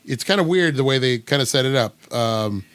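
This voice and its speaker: A man's voice: mid-range voice, expressive, a little fast, fairly bright tone, clear, resonant tone. A man from the United States hosting a casual podcast chat, rambling with many fillers and restarts. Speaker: podcast host.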